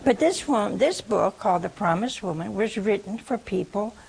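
A woman's voice: mid-range voice, lively intonation, moderate pace, creaky, a crowd in the background, poor audio. A woman preaching a humorous teaching sermon, teasing and chatty as she talks straight to her listeners.

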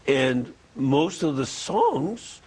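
An older man with a husky voice hosts an interview. He speaks slowly and haltingly, often restarting his sentences. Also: mid-range voice, big pitch swings, darkish tone, low-quality recording. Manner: slow, halting, with many restarts. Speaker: interviewer, former teacher. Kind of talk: interview conversation.

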